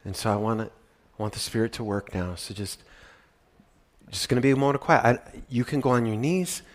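An American pastor with a medium-pitched voice preaches fairly quickly to his congregation in a church sanctuary. The sermon is emotional, swinging from loud excitement to quiet, intimate prayerfulness.

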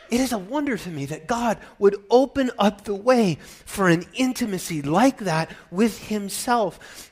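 A man in his fifties preaching a sermon, moving from soft, intimate talk to loud, exclaiming passages, often laughing. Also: very high-pitched. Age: 50s.

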